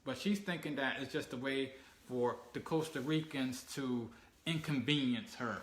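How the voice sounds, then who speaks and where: A man's voice: mid-range voice, normal speed, fairly bright tone. A man casually telling a travel story on a family channel, acting out the people he quotes and laughing as he goes. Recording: echoey room with faint ambient noise.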